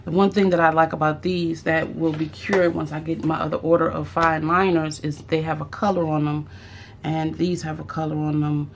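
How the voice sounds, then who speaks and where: Woman, craft vlogger, low and unhurried, thinks aloud, faint room hum. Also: vocal fry. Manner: musing aloud, with fillers and restarts. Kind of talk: casual unboxing chat.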